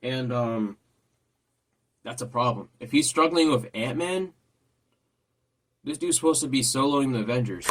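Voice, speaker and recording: A man's voice: medium pitch, moderate pace, pauses often, a bit bright. A man hosting a casual trailer reaction, rambling and repeating himself as he thinks aloud. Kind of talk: casual chat.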